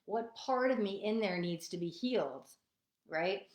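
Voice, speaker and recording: Woman, earnest personal vlog, emotional, roomy echo, mid-pitched. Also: expressive, unhurried. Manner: earnest, emotional, repeats phrases. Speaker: spiritual vlogger. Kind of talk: personal reflective talk.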